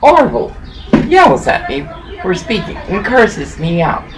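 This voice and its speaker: This woman vlogger's voice sits on the low side with wildly swooping pitch, delivered at a measured pace. Recording on her laptop webcam at home, she rambles through a preachy, emotional personal monologue that veers from laughter to bitterness, in rough sound.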